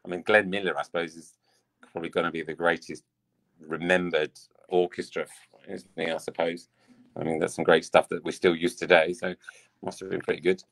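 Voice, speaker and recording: A man's voice: low voice, level tone, fairly quick, creaky. A man from England, a dance teacher and coach, chatting casually as an interview guest, rambling with lots of "I mean".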